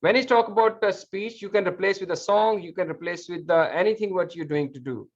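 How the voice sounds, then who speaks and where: A man's voice: sits high, brisk. Man hosting an online meeting, dull audio. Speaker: event host.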